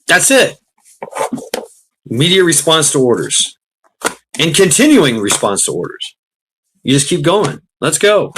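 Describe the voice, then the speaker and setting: A man's voice: a little high, sing-song, unhurried, pauses often, fairly bright tone, slight background noise. A man hosting a live stream, ranting casually at his chat, blunt and profane, laughing often and reading out viewer names. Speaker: livestream host. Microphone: computer mic on a live stream.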